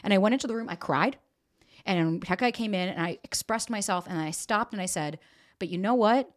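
A woman in her forties talks openly on her own podcast, with a voice of middling pitch. She is emotional and unfiltered, swears freely and acts out the remarks of others as she tells the story. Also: fairly quick. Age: 40s. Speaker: podcast host. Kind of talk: candid confessional chat.

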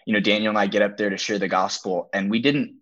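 A man's voice: on the low side, fairly even intonation, fast talker, fairly bright tone. A young man telling a story as a podcast guest, earnest and emphatic, acting out quoted dialogue. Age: young adult. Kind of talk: storytelling testimony. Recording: dull lo-fi audio.

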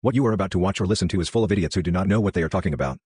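A man rattles off a warning disclaimer at a breakneck clip, flat and deadpan. His voice sits very low and comes out husky. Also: racing, no room sound, studio quality. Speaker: podcast disclaimer announcer.

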